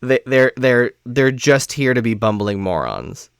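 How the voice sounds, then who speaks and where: A man's voice: medium pitch, big pitch swings, unhurried, smooth, no echo, clean studio sound. A man co-hosting a casual movie podcast, chatting back and asking questions. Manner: conversational, reacting and questioning. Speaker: podcast co-host.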